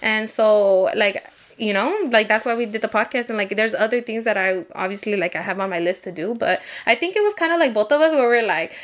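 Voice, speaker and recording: A woman's voice: medium pitch, brisk. A woman co-hosting a podcast in casual chat, leaning on "like" and mixing Spanish phrases into her English. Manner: casual, many "like" fillers, mixes Spanish into English. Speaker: podcast co-host.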